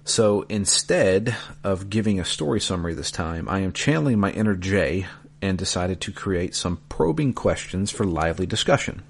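A man's voice: deep voice, animated, normal speed, vocal fry, slightly rough. A man hosting a casual podcast, reading listener emails aloud with dry asides.

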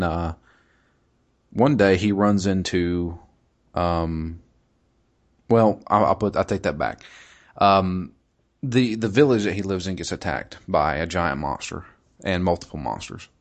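A man with a deep, low voice talks casually, podcast-style, about a video game he's playing. His speech is loose and hesitant, full of "um" and "uh," and he keeps circling back and restarting sentences.

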